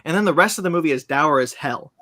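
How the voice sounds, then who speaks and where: High, bright-voiced man ranting. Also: fast talker. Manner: animated, profane ranting. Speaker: podcast host. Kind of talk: casual podcast chat.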